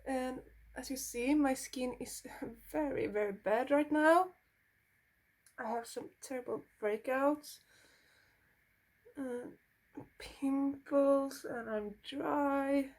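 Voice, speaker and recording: Slow-talking Swedish-accented woman. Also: high voice. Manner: blunt, swears freely, chatty. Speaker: beauty vlogger. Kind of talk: casual makeup tutorial chat.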